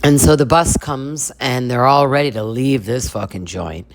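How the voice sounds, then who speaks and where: A woman's voice: a bass voice, moderate pace, a little hiss or hum. A woman hosting a comedic reaction video, narrating reality TV in a crude, sarcastic, chatty way.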